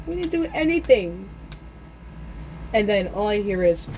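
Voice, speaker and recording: A teenage boy telling a story in a casual, animated way, often jumping into loud character voices. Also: high voice, a little hiss or hum, poor audio.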